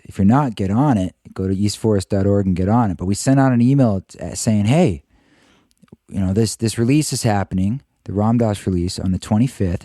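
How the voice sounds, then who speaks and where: A man hosting a podcast, hoarse and husky from a cold, chatting loosely and joking about himself. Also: fairly low pitch, warm tone, no room sound, clean studio sound. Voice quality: husky, croaky. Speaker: podcast host. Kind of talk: casual podcast intro.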